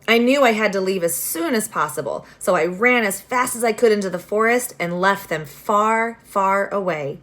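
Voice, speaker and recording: A woman reading a children's novel aloud, expressive, with casual asides to her listeners. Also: medium pitch, moderate pace, few pauses. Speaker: reader.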